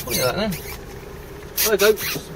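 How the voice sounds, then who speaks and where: A man's voice: high-pitched, lively intonation, measured pace, vocal fry. A man giving a casual, teasing commentary while driving, repeating silly catchphrases from inside a moving car. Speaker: vlogger filming a drive. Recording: loud road and engine noise.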